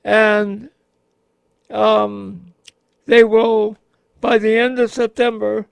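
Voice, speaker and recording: A man co-hosting a radio show, talking casually in a slow, halting way with many pauses. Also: high voice, flat delivery, vocal fry, clear, resonant tone, no room sound. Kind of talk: casual on-air chat.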